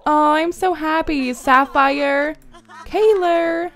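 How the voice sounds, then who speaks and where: A gaming YouTuber gives chatty, giggly let's-play commentary while playing a life-simulation game and talking to her characters. Her high, creaky, fairly bright voice moves slowly.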